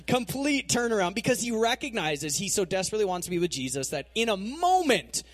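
A man preaching a conversational sermon, telling the story in a casual, animated way with a husky voice. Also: high-pitched, fairly quick, hardly any pauses.

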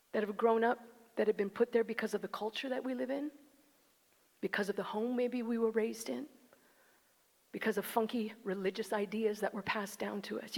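A woman's voice: a little high, gravelly. A woman preacher giving a sermon, with conversational, emphatic delivery that speaks directly to the listeners. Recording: long hall reverb.

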